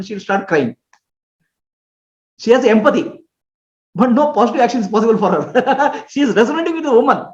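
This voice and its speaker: A man's voice: very high voice, lively intonation, moderate pace, long pauses. A man teaching as a spiritual teacher in a question-and-answer talk, explaining with homely examples, checking that listeners understand and chuckling often. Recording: roomy, dull lo-fi recording.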